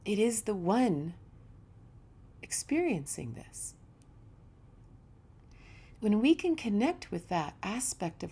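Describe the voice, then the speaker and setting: A woman yoga teacher giving a reflective spiritual talk, telling stories in a relaxed, conversational way. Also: medium pitch, creaky, slightly rough.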